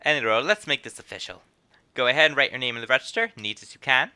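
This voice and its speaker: A man's voice: medium pitch, expressive, quick pace, pushed and bright, clear, resonant tone. A man voicing a chatty female innkeeper who runs a guild, reading her lines in a drawl that drifts between put-on accents. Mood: folksy, storytelling.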